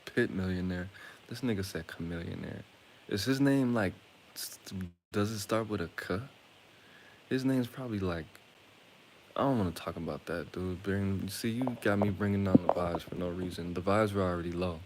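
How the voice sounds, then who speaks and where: Deep-voiced man from Atlanta, streamer telling jokey stories, faint hiss. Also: normal speed. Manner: rambling, joking, crude. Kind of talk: casual storytelling to viewers.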